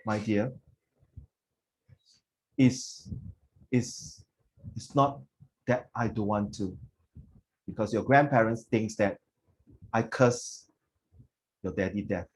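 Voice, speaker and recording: A man's voice: steady tone, takes it slowly, long pauses, low-quality recording. A man voicing a grieving mother who speaks through tears. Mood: tearful. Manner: low, tearful, hushed.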